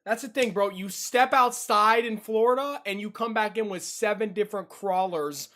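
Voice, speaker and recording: A man's voice: sits high, moderate pace, bright, forceful tone. A young man streaming from his computer at home, giving jumpy reaction commentary, easily startled and given to yelps and shrieks.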